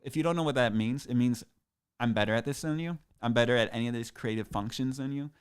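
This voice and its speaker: A man's voice: medium pitch, fast, smooth. A man hosting a comedic podcast solo, rambling in a boastful, sarcastic, mock-grandiose way. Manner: self-aggrandizing, sarcastic, rambling. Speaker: podcast host.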